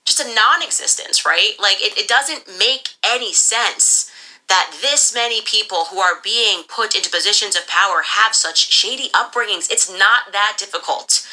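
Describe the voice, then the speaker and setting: A woman's voice: medium pitch, normal speed, bright, forceful tone, low-quality recording. A woman delivering an emphatic, insistent monologue as a podcast commentator. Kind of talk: opinionated monologue.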